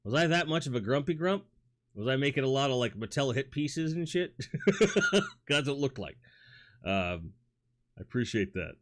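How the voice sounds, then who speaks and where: With lively intonation and a slightly fast pace, a man with a mid-range voice and New York accent hosts a casual stream from his home toy room. He uses a studio mic, rambles, reads viewers' chat aloud, and keeps restarting with plenty of fillers.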